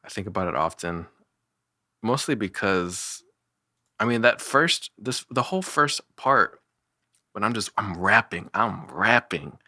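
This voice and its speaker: Young male musician, deep voice, dry close sound, rambling and self-mocking. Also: lively intonation, measured pace, bright, forceful tone, dry recording. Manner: rambling, self-deprecating, frequent fillers and laughs. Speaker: musician reviewing his own songs. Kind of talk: casual solo commentary.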